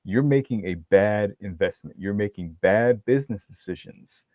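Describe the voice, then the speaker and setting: A man with a fairly low voice chats casually and with energy, throwing in "bro" and "man". The sound is dry and a little muffled, with no room echo. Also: normal speed. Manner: animated storyteller, says "bro" and "man". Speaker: podcast host. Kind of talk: casual conversation.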